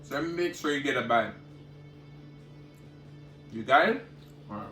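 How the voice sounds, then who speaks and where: A male cooking vlogger eats on camera and chats straight to viewers in a casual mukbang, humming loudly to savor his food between remarks. His medium-pitched voice has lively intonation and a moderate pace, in a roomy space with faint music behind.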